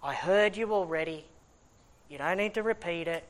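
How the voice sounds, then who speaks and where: A man voicing God, speaking calmly and patiently to someone praying. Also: high voice, lightly acted. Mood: soothing. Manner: calm, slow, hushing to a whisper.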